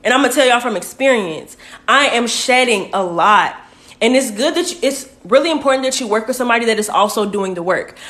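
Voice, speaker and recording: A woman's voice: on the high side, lively intonation, fairly quick. Casual woman coach talking to viewers. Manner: warm, direct, uses "y'all" and "baby". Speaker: spiritual coach. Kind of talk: casual livestream talk to viewers. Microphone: phone.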